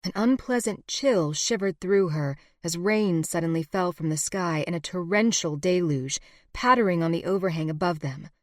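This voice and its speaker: A woman reading a romance novel aloud in an even, measured narration. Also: on the low side, no echo, clean studio sound. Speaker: audiobook narrator.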